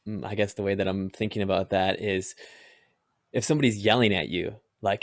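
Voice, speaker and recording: Low gravelly man, hesitant host. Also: fairly even intonation, a little fast, no room sound, studio quality. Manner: hesitant, searching for words. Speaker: podcast host. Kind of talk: casual interview chat.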